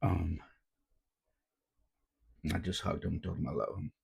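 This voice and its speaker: Deep gravelly-voiced man, laid-back. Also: steady tone, measured pace, darkish tone. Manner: laid-back, says "man" often, earnest. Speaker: youth baseball coach and podcast host. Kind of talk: casual reflective storytelling.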